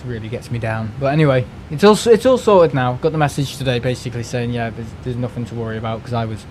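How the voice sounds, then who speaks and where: A man's voice: mid-range voice, fast talker, darkish tone, slight background noise. Rambling man venting on a stream. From United Kingdom. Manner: rambling, restarts words, swears, exasperated. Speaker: live streamer. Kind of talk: casual ranting chat.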